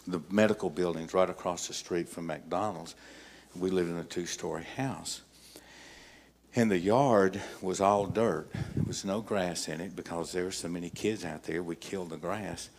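An older man preaching a sermon as pastor, emphatic, telling stories with dramatic pauses. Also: deep voice, darkish tone.

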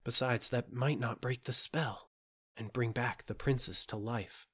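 A man voicing a secretive, fearful young maid in a storybook reading, speaking low and confidingly. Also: steady tone, a little slow, bright, forceful tone, breathy edge. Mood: warning.

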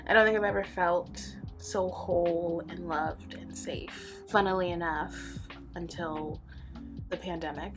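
A woman's voice: on the low side, fairly even intonation, unhurried, a bit bright, soft background music. A woman in her twenties talking casually to camera in a personal vlog, rambling, often laughing, and close to tears. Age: 20s. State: holding back tears. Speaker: vlogger.

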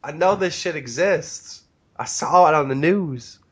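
A man's voice: on the high side, a little slow, fairly bright tone, breathy edge. A young man reacting bluntly in casual chat, laughing often.

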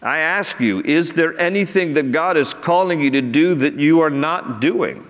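A man's voice: fairly high pitch, moderate pace, fairly bright tone, in a large hall. A man, preaching earnestly as a pastor and rising in emphasis on key phrases. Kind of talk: sermon. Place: church sanctuary.

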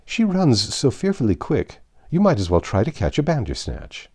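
A man's voice: mid-range voice, huge pitch swings, normal speed, darkish tone, slightly rough, voice pushed up. A man reading aloud, voicing a fussy, nervous old king who repeats himself. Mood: fretful. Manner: anxious, repeats words.

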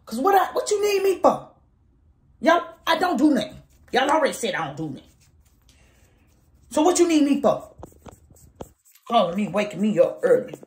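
A woman vents to her handheld phone camera in an animated, exasperated way. Her voice sits a little high and swings all over. The room gives it a noticeable echo. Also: moderate pace, long pauses. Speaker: vlogger. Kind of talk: casual venting to camera.

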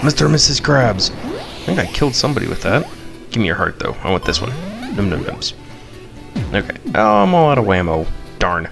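A man commentating his mobile game playthrough, playful and excitable, chanting silly eating noises and squealing high at surprises. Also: fast talker, gravelly. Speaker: gamer. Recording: game music behind.

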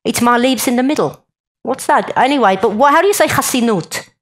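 A woman's voice: a little high, expressive, brisk, poor audio. A woman giving a chatty, joking talk to a live conference audience and speaking straight to the crowd.

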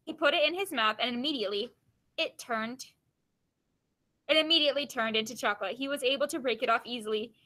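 A woman reading a children's chapter book aloud, pausing to explain the story in plain, casual words. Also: fairly high pitch, bright, forceful tone, low-quality recording.

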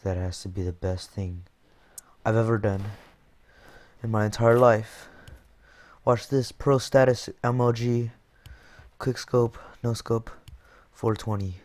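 A young man giving jokey let's-play commentary over a game, excitable, with sudden yelps and shouts. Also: fairly low pitch, slow pace, long pauses, dry recording. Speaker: gaming YouTuber.

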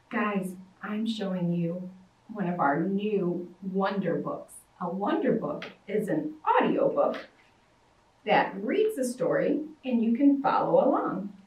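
A woman reading a picture book aloud to children as a librarian at storytime, lively and dropping to soft whispers. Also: medium pitch. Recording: roomy, mic at a distance.

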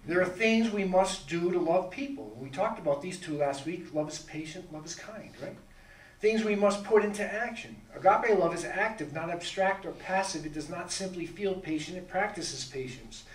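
Male pastor, sermon delivery, emphatic with rhetorical questions; slightly high voice, picked up from a distance in a reverberant hall. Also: normal speed. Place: church sanctuary.

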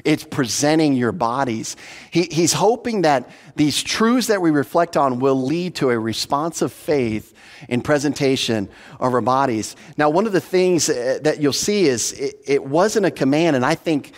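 A man's voice: fairly high pitch, animated, moderate pace. A man preaching an expository sermon as pastor, earnest and teacherly, stressing points by repeating them. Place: church hall. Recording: long hall reverb.

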